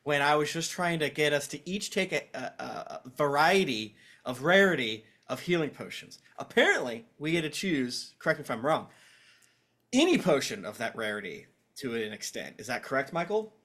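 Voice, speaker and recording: A man's voice: on the high side, very animated, moderate pace, fairly bright tone. A man playing a tabletop game, chatting loosely and jokingly with friends and laughing often. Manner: laughing, rambling, jokey. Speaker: player. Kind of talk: casual tabletop game chat.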